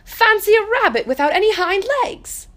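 A woman's voice: very high-pitched, animated, moderate pace, a bit bright, pitched above the performer's own voice. A woman voicing a bold, teasing young male wild rabbit with a bouncy, taunting way of speaking. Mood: mocking.

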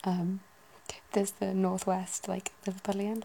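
A woman musing softly in a whispered ASMR chat, gently poking fun at herself. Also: lowish voice, fairly even intonation, a little slow, gravelly, slight background noise, poor audio. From United Kingdom. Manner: soft, self-deprecating, musing aloud. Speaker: ASMR video host.

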